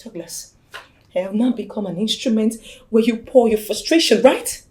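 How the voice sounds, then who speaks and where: An actress with a Nigerian accent playing a defiant, sharp-tongued young wife, given to mocking and dramatic outbursts in a film drama. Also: female voice, fairly high pitch, moderate pace, slightly rough. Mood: indignant.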